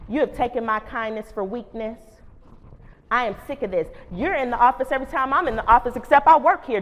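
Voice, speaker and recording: Animated woman telling a story in a reverberant hall. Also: on the high side. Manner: animated, call-and-response asides. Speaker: keynote speaker and school principal. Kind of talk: humorous storytelling keynote. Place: large conference hall. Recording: long reverb of a conference hall.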